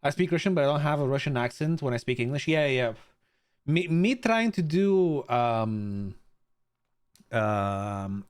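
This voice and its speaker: A man's voice: medium pitch, expressive, measured pace, clean tone. A young adult man from Bulgaria chatting casually with his live stream viewers, stammering through restarts, swearing freely and greeting chatters by name.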